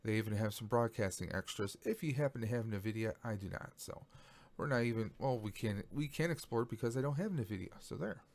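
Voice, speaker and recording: A man's voice: on the low side, expressive, fairly quick, a little mellow. A man rambling casually through a demo of a desk microphone at his home setup. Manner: rambling, chatty, thinks aloud. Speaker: tech reviewer. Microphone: desk USB microphone.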